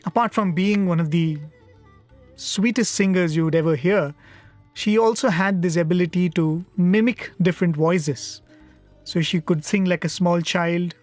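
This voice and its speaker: A man from India tells a devotional story at a spiritual gathering, slow and reflective, pausing often. His voice sits a little high for a man, and the sound is dry and close. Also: darkish tone, no room sound. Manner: unhurried, reflective, with frequent pauses. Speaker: satsang speaker.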